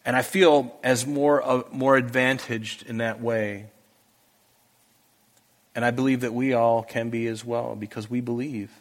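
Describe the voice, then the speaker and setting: Unhurried and steady, the pastor's mid-range voice carries through a church hall where his congregation listens. His sermon is earnest and emphatic, full of pleading questions aimed at his audience.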